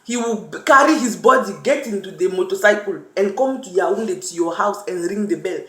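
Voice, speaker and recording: A young woman speaks from the heart in a personal vlog. She tells her story earnestly and with animation, now and then acting out what people said. Her voice sits at a middle pitch, and a roomy echo hangs around it. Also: fairly quick, fairly bright tone. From Cameroon. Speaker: vlogger. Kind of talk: personal talk to camera. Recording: echoey room.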